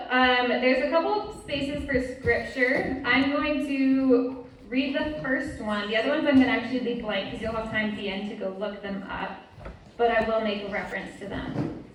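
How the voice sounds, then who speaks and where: A woman's voice: fairly high pitch, noisy background. Woman speaking in an echoey room. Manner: candid, chatty, with many fillers. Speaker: retreat speaker. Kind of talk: casual talk at a women's retreat. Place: large room with an audience. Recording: echoey room, mic far off.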